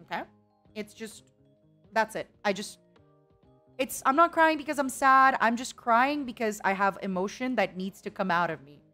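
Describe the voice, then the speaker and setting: A woman's voice: on the high side, moderate pace, bright, forceful tone. A young woman streaming a casual chat, dramatic and emotional, laughing often, with faint music behind.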